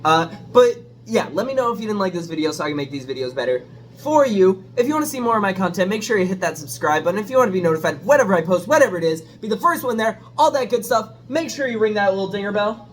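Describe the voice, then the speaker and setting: A man's voice: high voice, lively intonation, fast, slight background noise. A man chatting casually as a food reviewer, rambling and hesitant, self-deprecating as he hunts for words, with a dishwasher running in the background. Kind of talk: casual home review vlog.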